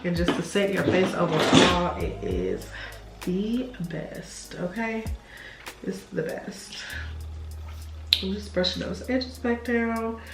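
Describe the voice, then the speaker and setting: A woman's voice: medium pitch, expressive, slow pace, vocal fry, roomy sound, over loud music. A young woman chatting through a hair tutorial, gushing and chatty, saying y'all a lot. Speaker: beauty vlogger. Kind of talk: casual hair tutorial chat.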